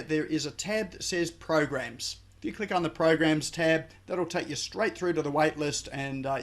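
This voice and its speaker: Male business coach, radio guest, fairly high voice, hesitant with lots of fillers. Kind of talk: casual radio interview.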